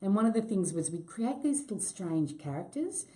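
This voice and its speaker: An actress answering fan questions in a live chat, self-deprecating and quick to laugh. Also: female voice, medium pitch. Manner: self-deprecating, laughs easily, lively swings in tone. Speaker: actress and guest.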